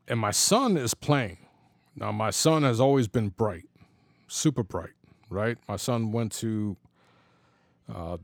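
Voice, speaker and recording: Middle-aged man, mid-pitched, casual storyteller, slangy, acts out the quotes, dry close sound. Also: no echo. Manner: loose and conversational, many "you know" fillers, slang and swearing.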